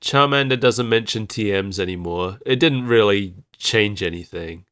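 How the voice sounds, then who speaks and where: A man's voice: on the low side, moderate pace, a bit bright, smooth. A man co-hosting a podcast, casually chatting and often laughing mid-sentence. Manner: giggly, laughs through sentences. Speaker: podcast co-host. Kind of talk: casual chat.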